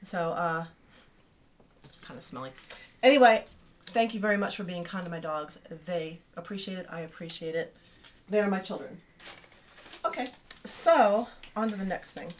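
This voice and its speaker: A woman's voice: fairly low pitch, moderate pace, long pauses, slight background noise. Chatty, playful woman vlogger. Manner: chatty and playful, teasing asides. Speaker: video newsletter host. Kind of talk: casual vlog to fans.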